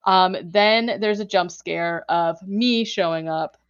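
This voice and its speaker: A woman's voice: fairly low pitch, slow pace, smooth, lo-fi sound. A woman podcast host casually recapping a horror film, talking loosely with lots of fillers and frequent laughs. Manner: chatty, many fillers like "like", laughs often. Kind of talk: casual movie recap chat.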